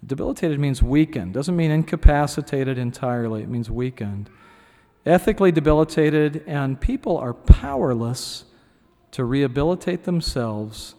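A man's voice: mid-range voice, dark tone. A middle-aged man preaching a sermon in a conversational way, with asides and acted-out quotes. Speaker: pastor. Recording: hall reverb.

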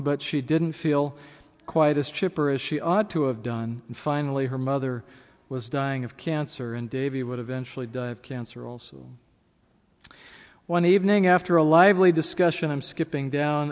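A man reading a memoir passage aloud in a measured, reflective way, dropping his voice for quiet spoken asides. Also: a little high. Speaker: speaker reading from a memoir and commenting. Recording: long hall reverb.

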